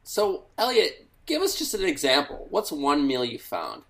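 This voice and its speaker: A man's voice: fairly high pitch, wildly swooping pitch, moderate pace, creaky, a bit bright. A man co-hosting an improvised comedy podcast, prompting his partner in a mock-earnest interviewer manner. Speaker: podcast co-host.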